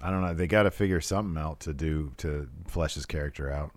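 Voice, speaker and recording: A man's voice: extremely low pitch, quick pace, no echo. A man co-hosting a casual wrestling chat show, laid-back, laughing easily and reading out fan questions. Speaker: podcast co-host.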